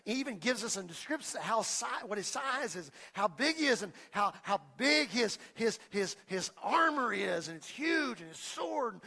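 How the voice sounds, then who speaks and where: High-voiced fervent male preacher. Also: sing-song, normal speed, creaky, hardly any pauses. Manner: fervent, repetitive, building to shouts. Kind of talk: sermon. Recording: long reverb of a large hall.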